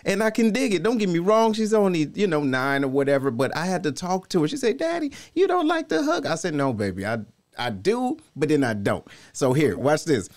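A man's voice: a little high, animated, a little fast. A man co-hosting a podcast in casual, emphatic conversation, a father talking with a co-host.

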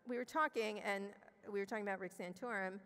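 A middle-aged woman telling a candid personal story as an interview guest on a conference stage, blunt and profane, restarting her sentences as she rushes ahead. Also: mid-range voice, fairly bright tone, clean tone. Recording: long hall reverb.

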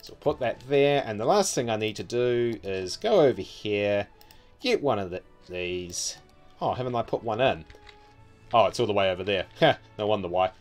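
Low-voiced New Zealand man muttering through gameplay. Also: lively intonation, moderate pace, faint music behind. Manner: muttering to himself, wry and offhand. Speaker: city-building game streamer. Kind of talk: casual gameplay commentary.

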